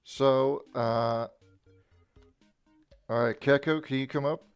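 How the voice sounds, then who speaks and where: A man's voice: mid-range voice, steady tone, slow, clean tone, no echo, soft background music. A man directing an improv scene in a game, hesitant with many fillers. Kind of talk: casual game narration.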